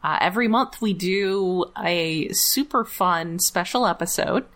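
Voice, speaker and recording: A woman co-hosting a podcast in casual chat, talkative and quick to laugh, often restarting her sentences. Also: fairly low pitch, fairly bright tone. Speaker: podcast co-host.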